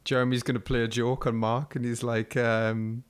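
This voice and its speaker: A young man talks in a casual podcast chat. He swears freely and acts out quotes as he retells stories, at a mid pitch. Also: moderate pace, smooth. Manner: swearing, animated storytelling with acted-out quotes. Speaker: podcast co-host.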